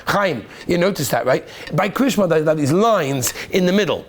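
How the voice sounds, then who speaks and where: A man teaching a lively classroom lesson as a rabbi, quizzing students by name and praising their answers. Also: fairly high pitch, fairly quick.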